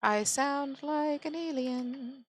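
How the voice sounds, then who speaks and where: A woman calmly talking through a software modeling tutorial step by step, thinking aloud as she works. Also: sits high, takes it slowly, rough recording. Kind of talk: screen-recorded software tutorial narration.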